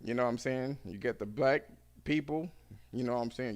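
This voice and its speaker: A man hosting a podcast who rambles through casual chat and swears freely. He talks at a mid pitch and laughs often. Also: a little fast. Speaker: podcast host.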